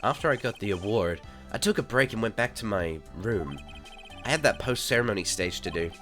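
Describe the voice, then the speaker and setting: Streamer playing a self-absorbed surfer-dude celebrity, low and drawling, faint game music behind. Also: male voice, expressive, a little fast, a bit bright. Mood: casual. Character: laid-back vain male TV star, surfer dude.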